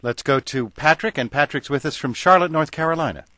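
A man hosting a call-in radio talk show, speaking in a measured, conversational way. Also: a little high, sharp tone, no room sound. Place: radio studio.

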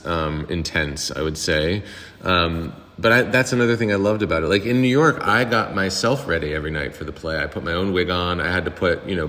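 A man's voice: deep voice, a bit bright, big-room sound. A man from Pittsburgh, an actor guest chatting casually in an interview, rambling with many fillers.

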